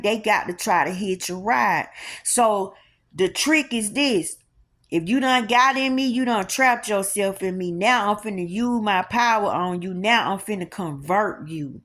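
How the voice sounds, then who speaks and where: A woman's voice: medium pitch, fairly bright tone. A woman giving an informal spiritual teaching in an emphatic, colloquial, preacher-like way with lots of repetition.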